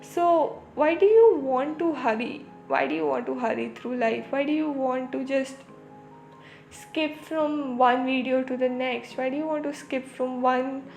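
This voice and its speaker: A woman hosting a podcast, talking in a rambling, reflective way full of fillers and restarts, and easing into a slow, soothing tone. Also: sits high, a little mellow, echoey room. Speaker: podcast host. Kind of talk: reflective spiritual talk.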